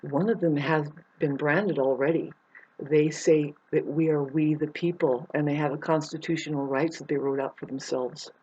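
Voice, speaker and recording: A woman talking in a rambling, meandering monologue, jumping between loud bursts and low mutters and swearing freely. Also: steady tone, moderate pace, husky. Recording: dull lo-fi sound.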